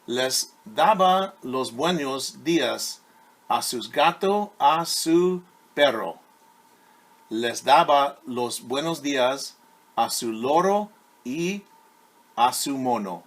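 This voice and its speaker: A man's voice: medium pitch, animated. A male teacher reading a children's story aloud, speaking patiently to young listeners. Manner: slow, patient, addresses children directly.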